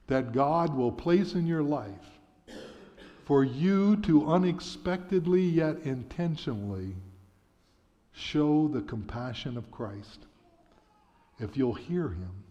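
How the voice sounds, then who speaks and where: A male preacher tells a sermon story slowly and earnestly, his voice sitting fairly high. A long reverb from the church sanctuary trails each phrase. The sound is slightly muffled. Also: dark tone.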